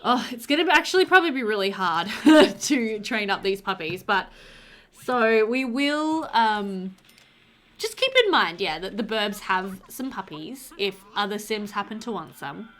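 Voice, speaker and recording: A woman's voice: mid-range voice, expressive, unhurried, fairly bright tone. A young woman casually commenting on her life-sim gameplay, chatty and doting, cooing over the pets with frequent laughter. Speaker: let's play host.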